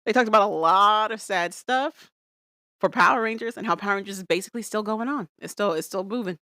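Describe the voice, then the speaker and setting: On a podcast she co-hosts, a woman with a medium-pitched voice recaps reality shows in brisk, casual chat. She's animated, acting out what people said in playful voices. The sound is clean studio quality with no echo.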